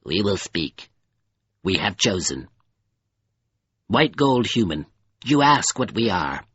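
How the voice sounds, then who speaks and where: A man voicing a fearful, pleading creature of living mud in an audiobook, with a cold, dusky, halting voice. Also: lowish voice, sing-song, a bit bright, slightly rough, dry recording, muffled recording, full character voice. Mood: mournful. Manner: halting, grave, faltering. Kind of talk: audiobook character voice.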